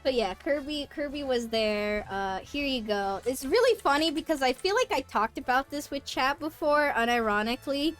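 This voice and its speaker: Animated high-voiced woman streamer. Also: normal speed, few pauses, soft background music. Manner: animated, dramatic storytelling with sudden shrieks and laughs. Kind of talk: casual chat with stream viewers.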